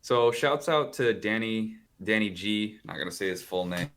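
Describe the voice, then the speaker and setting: A man's voice: fairly low pitch, animated, moderate pace, fairly bright tone. A man guesting on a podcast over a video call, telling stories in a rambling way, full of "like" and casual swearing. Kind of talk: casual storytelling chat. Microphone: calling in over a video call.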